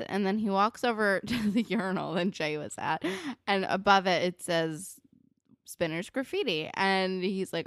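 A woman co-hosting a casual chat, recapping a TV episode in a chatty, filler-heavy way with animated retellings. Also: on the low side, normal speed, smooth, dry recording, clean studio sound. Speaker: podcast co-host recapping a TV episode.

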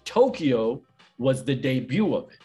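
A man who hosts events and does comedy, telling stories in a casual chat, animated and full of slang. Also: medium pitch, faint music behind. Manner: animated storyteller, fast slangy talk.

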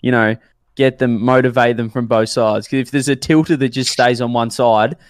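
A man's voice: mid-range voice, fairly even intonation, normal speed, dry recording. A man co-hosting a podcast, thinking aloud and giving reasoned advice in casual chat. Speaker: podcast co-host.

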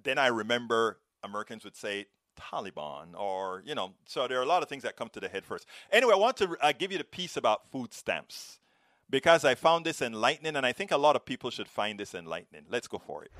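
A middle-aged man from Panama with a Panamanian Spanish accent, hosting a live stream and reading viewer comments, rolling his R's in a lively, expressive way. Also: on the high side, dry recording, studio quality.

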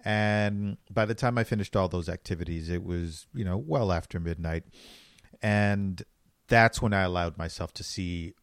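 A man co-hosting a casual podcast, telling stories in a relaxed, reflective way. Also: sits low, moderate pace, smooth, dry recording, studio quality. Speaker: podcast co-host.

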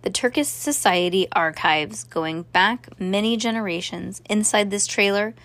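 A woman narrating a children's story aloud, steady, with small restarts. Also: medium pitch, a little slow, no echo. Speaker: reader.

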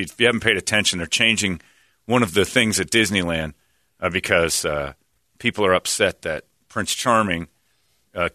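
A man's voice: low-pitched, no echo, clean studio sound. A man hosting a talk show, telling a story in casual chat and animatedly acting out what others said. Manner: animated, acts out quotes of others.

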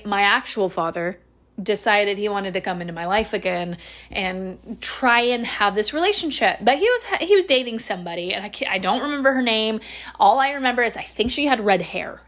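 A woman's voice: mid-range voice, animated, normal speed, fairly bright tone. A woman telling a personal story in a casual, rambling podcast monologue, swearing freely and laughing between lines.

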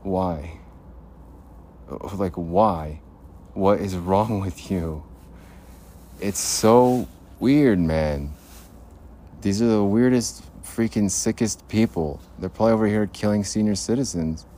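A man's voice: fairly low pitch, takes it slowly, long pauses, mellow. A man recording a rambling podcast monologue on his phone in an outdoor parking lot at night, muttering and talking to himself in a paranoid way. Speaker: podcast host.

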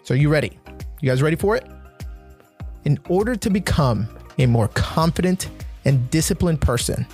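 A man hosting a motivational talk for men, speaking earnestly and emphatically, slowing down to repeat his key points. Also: a little high, lively intonation, darkish tone, soft background music. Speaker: men's motivational podcast host.

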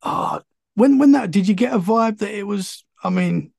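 Gravelly man hosting a podcast. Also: high voice, expressive, normal speed, darkish tone, no room sound, clean studio sound. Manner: reacting with short, astonished remarks. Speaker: podcast host. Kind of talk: casual interview chat.

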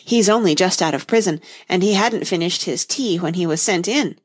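A woman's voice: lowish voice, normal speed, husky. A woman voicing a sulky male messenger in a storybook.

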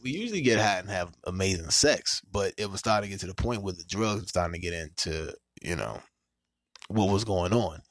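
Animated, profane male podcast host. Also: a little fast, no room sound. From Washington, D.C. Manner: animated, profane, acts out quotes with big pitch jumps. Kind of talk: casual storytelling chat.

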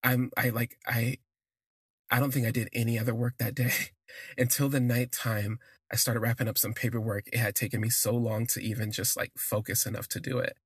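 A man telling a personal story for his podcast, in an unhurried, conversational way that lingers on words, with fillers. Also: medium pitch, level tone, husky, dry recording.

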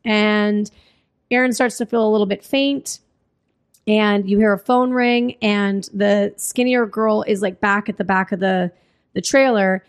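Brief: woman podcaster, animated storyteller, swears freely, acts out quotes. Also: mid-range voice, measured pace. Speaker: podcast co-host recapping a film. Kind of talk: casual chat.

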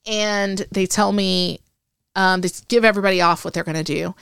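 A woman's voice: medium pitch, steady tone, normal speed, gravelly, fairly bright tone, clear, resonant tone, no room sound, clean studio sound. A woman as an interview guest, chatting casually and acting out quoted dialogue as she tells her story.

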